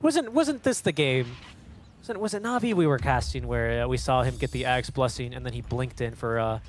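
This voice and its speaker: A man casting an esports match with quick, excitable play-by-play commentary. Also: mid-range voice, a little hiss or hum. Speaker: esports caster.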